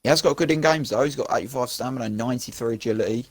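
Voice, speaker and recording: A man with a Scouse accent in a casual gaming chat, opinionated, his voice rising loud and animated when he rants. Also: medium pitch, racing, dry recording. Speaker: podcast co-host. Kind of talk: casual football game chat.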